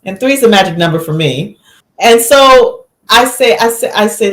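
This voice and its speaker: A woman physician, a guest on a podcast, telling a story with lively acted-out quotes in a relaxed conversational way. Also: medium pitch, normal speed, reverberant. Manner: animated storyteller, acts out quotes.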